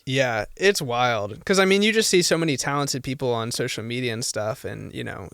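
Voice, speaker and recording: A man's voice: medium pitch, fairly quick, creaky, smooth, no echo, clean studio sound. A man in his thirties co-hosting a podcast, chatting casually with jokes and lots of "dude". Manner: animated, joking, says "dude" a lot. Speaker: podcast co-host. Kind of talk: casual chat.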